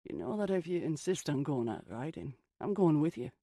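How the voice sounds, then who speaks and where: A young Scottish stable hand, fretful and exasperated, scolds in a husky voice with a lively rise and fall, as an audiobook reader puts him on. His gravelly tone has a Scottish accent throughout. It is recorded close and dry. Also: mid-range voice, moderate pace, dry recording.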